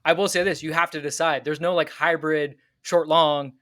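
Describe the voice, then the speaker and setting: A man co-hosting a soccer podcast, calmly breaking down tactics step by step in casual chat. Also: fairly high pitch, moderate pace, no room sound.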